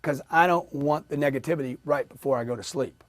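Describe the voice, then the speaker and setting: A man giving a motivational sales training talk, energetic and emphatic, drilling his listeners with repeated phrases. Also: on the high side, a little fast, no echo.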